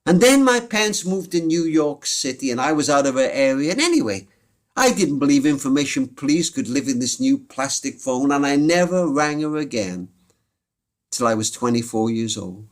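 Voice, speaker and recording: Lively storytelling man, animated pitch. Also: normal speed. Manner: warm, dramatic storytelling with many voiced quotes. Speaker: guest storyteller. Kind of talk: podcast storytelling.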